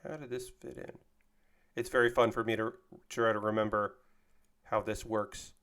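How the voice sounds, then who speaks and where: A man's voice: on the low side, level tone, moderate pace, a bit bright. A man in his forties, a streamer, chatting casually and rambling while he builds a model kit and answers chat, with casual swearing.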